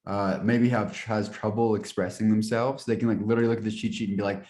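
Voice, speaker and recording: A man with a fairly low voice hosts a conversational interview. He restates his guest's points and asks whether he has them right, with short words of agreement in between. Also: level tone, fast talker, darkish tone. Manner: restates ideas as questions, brief affirmations. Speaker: interview host.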